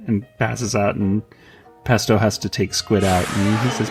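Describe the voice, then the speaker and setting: A man's voice: on the low side, fairly even intonation, unhurried, gravelly, faint music behind. A man co-hosting a podcast, casually recapping a comic and acting out the characters' lines in raised voices, with many fillers. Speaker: podcast co-host.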